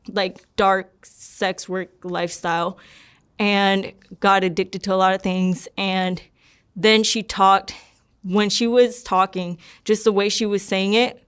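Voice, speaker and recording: A young woman recounting her own story in loose, everyday talk, circling back and repeating herself as she goes. Her voice is smooth and clear, at an ordinary middle pitch. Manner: rambling, many likes and repeats. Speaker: guest sharing her testimony. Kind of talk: casual personal storytelling.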